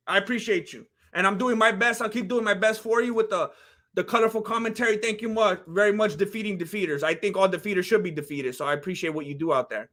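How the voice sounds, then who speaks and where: High, bright-voiced chatty man from California. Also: fast. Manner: rambling, chatty, heavy on "like" and "you know". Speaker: livestream fight commentator. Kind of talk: casual livestream chat reading comments.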